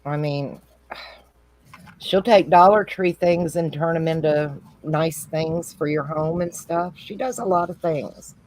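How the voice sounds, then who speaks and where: A woman's voice: low-pitched, measured pace, darkish tone, rough recording. A woman hosting a casual craft stream, chatty and encouraging as she talks through each step. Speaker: host. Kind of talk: casual chat during a craft demo.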